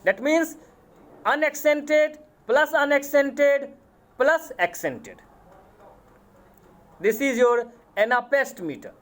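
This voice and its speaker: A man with an Indian accent, a college English lecturer giving a lecture, speaking deliberately, repeating terms and spelling words out letter by letter. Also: very high-pitched, expressive, fairly bright tone. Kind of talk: classroom lecture on poetic meter.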